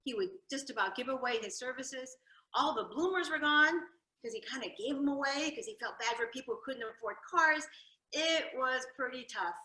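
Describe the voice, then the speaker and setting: A woman telling her family's history at a library talk, lively and animated, acting out her grandfather's jokes. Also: high voice, moderate pace. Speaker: storyteller giving a library talk. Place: library event room. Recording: echoey room.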